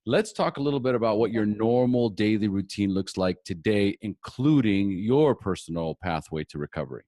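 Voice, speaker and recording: A man's voice: fairly low pitch, animated, normal speed, dark tone, no echo, clean studio sound. Jokey, rambling male podcast host. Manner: jokey and meandering, with many fillers and restarts. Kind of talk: casual podcast interview.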